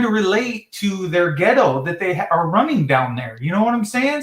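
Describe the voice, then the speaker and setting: A man's voice: high voice, big pitch swings, normal speed, fairly bright tone, echoey room. A man hosting a livestream from South Dakota, rambling and profane, repeating his words as he rants. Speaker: livestream host. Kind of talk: ranting livestream chat.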